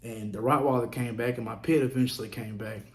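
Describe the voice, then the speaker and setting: A man casually telling a story on his vlog, profane and animated, acting out what others said. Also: mid-range voice, fairly quick. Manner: profane, animated, acts out quotes. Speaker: vlogger.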